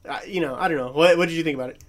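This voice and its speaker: A man's voice: fairly high pitch, rapid-fire. A man co-hosting a podcast, chatting casually about movies, rambling and swearing, with frequent laughs. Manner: rambling, swears often, laughs between phrases. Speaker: podcast co-host.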